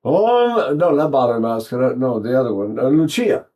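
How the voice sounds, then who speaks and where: In dull audio, a man with a mid-range voice and lively intonation speaks at a moderate pace. He's an older East Texan leading a singing lesson with sung demos, rambling and folksy, with frequent restarts.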